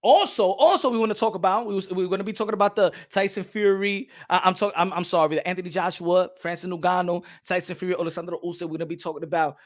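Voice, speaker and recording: A man's voice: sits high, steady tone, quick pace, few pauses. A middle-aged man with a Puerto Rican accent hosting a boxing channel, talking in a loose, rambling way and mixing Spanish into his English. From Puerto Rico. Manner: rambling, repeats words, switches between English and Spanish. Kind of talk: casual live-stream commentary.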